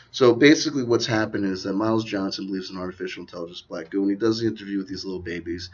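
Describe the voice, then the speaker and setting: A video commentator with a husky, lowish voice rambles through a conspiracy vlog, sardonic and full of asides. The recording is dull and lo-fi.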